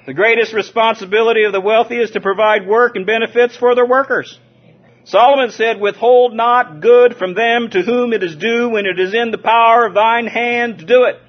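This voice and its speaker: A pastor from Southern California with a high voice delivers a sermon at a moderate pace, full of lively energy as he calls out to the congregation and chuckles along the way. The recording is dull and lo-fi, its top end rolled off.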